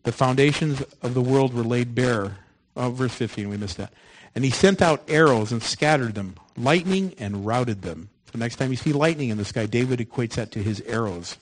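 Husky-voiced preacher giving a sermon. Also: male voice, mid-range voice, expressive, normal speed, low-quality recording. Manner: swings from loud emphatic lines to soft hushed ones.

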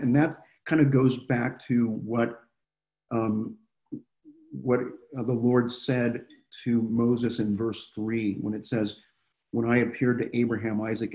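A man preaching a casual Bible-study sermon, talking conversationally and often pausing with fillers and restarts. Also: medium pitch, dark tone, poor audio.

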